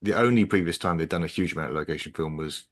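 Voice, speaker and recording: A man's voice: deep voice, fast talker. A man co-hosting a podcast, chatting in an easygoing, knowledgeable way. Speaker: podcast co-host. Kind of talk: casual chat.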